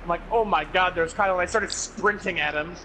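A young man telling a crude, excitable story in a rowdy gaming voice chat. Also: high voice, a little fast, background noise. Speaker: gamer in voice chat. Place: voice chat from home.

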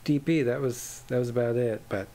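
A podcast host in relaxed, casual chat with a guest. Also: mid-range voice, normal speed. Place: lives in Germany.

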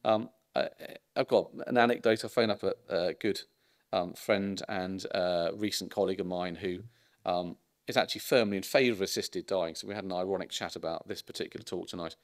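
A middle-aged man lectures like a doctor swapping stories with colleagues. His voice sits on the low side, and he drifts through anecdotes with dry, ironic asides and plenty of ums between thoughts. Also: fairly even intonation, a little fast. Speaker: consultant geriatrician giving a public lecture. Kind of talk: informal public lecture.

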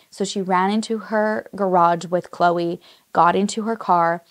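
A woman's voice: fairly low pitch, fairly even intonation, a little slow, no room sound. A woman hosting a true crime show, telling the story in a casual, conversational way full of fillers. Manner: conversational, many "like" and "just" fillers.

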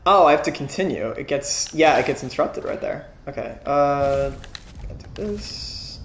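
Animated, swearing young male streamer. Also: on the high side, normal speed, a little hiss or hum. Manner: profane, laughing, reacts loudly to the game. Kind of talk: casual gameplay commentary. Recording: echoey room with game music.

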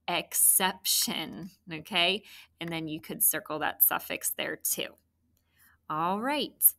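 A woman teacher giving a recorded spelling lesson to children, patient and clear, prompting with questions. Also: medium pitch, bright, forceful tone.

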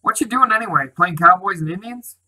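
A man's voice: high-pitched, a little fast, pushed and bright, voice pushed up, heavily acted, rough recording. Male reader doing a brash, streetwise teen boy; storybook reading, teasing. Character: brash, cocky teenage town boy.

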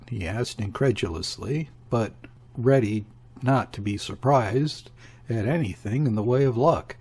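A man narrating a classic novel in a measured, steady reading. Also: medium pitch, husky. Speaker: audiobook narrator.

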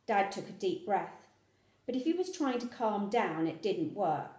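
A woman narrating a storybook in first person, measured and steady. Her voice is mellow and darkish, and it rings in an echoey room. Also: mid-range voice. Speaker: reader.

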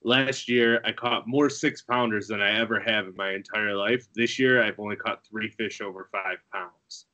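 Low, bright-voiced chatty man. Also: fairly even intonation, normal speed, hardly any pauses. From Buffalo area, USA. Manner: chatty, laughs through his stories. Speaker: guest angler. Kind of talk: casual podcast chat.

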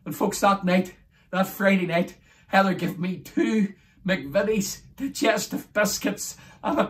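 High-voiced man telling his testimony. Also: fairly even intonation, a little slow. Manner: earnest, addresses listeners as folks. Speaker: podcast host. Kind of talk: personal testimony storytelling.

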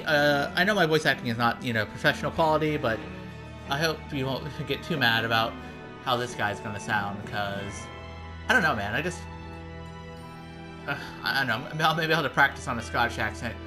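A man's voice: medium pitch, normal speed. A man giving rambling, profane, self-deprecating commentary while playing a game, over game music. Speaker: let's play commentator. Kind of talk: casual gameplay commentary.

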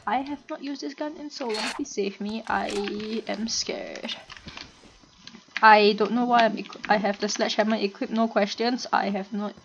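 A woman with a stuffy nose and a cough, giving excitable, chatty gameplay commentary and laughing often. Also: mid-range voice, normal speed, creaky. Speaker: gamer and streamer. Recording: dull lo-fi home recording, faint noise.

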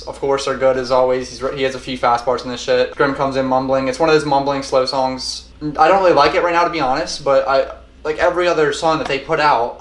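A man's voice: mid-range voice, slight background noise. Rambling, swearing young male album reviewer. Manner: rambling, heavy swearing, repeats himself. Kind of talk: casual music review monologue. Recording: roomy echo.

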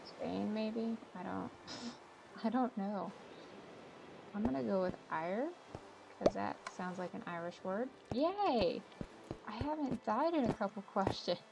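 A woman with a medium-pitched, creaky voice hosts a gaming channel, chatting casually, thinking aloud and teasing her own guesses as she plays. She speaks a little slowly over a noisy background with game music behind her.

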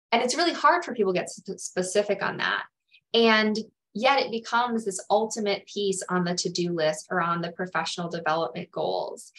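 A woman's voice: on the low side, a bit bright, low-quality recording. Earnest woman coaching in a webinar. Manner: earnest, acts out anxious inner voices. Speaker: career coach. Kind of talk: webinar presentation.

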